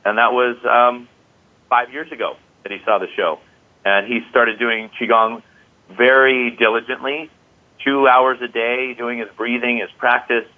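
A man's voice: mid-range voice, steady tone, measured pace. A man who teaches qigong, speaking as an interview guest, enthusiastic and peppered with "you know". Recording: tinny phone-like line.

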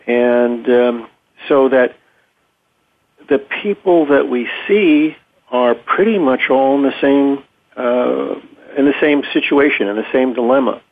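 A clinician appears as an interview guest, explaining things conversationally in a mid-range voice that is thoughtful and measured, with frequent ums and pauses. The audio is tinny, like a phone line.

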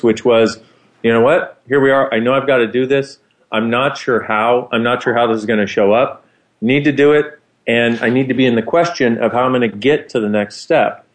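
Man, mid-range voice, co-host, casual chat, eager explaining. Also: mid-range voice.

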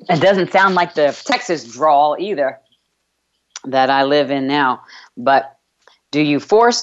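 A woman's voice: extremely low pitch, steady tone, slow, pauses often, muffled recording. A woman from New York with a slight New York accent, hosting a motivational radio talk show and stressing points by repeating words.

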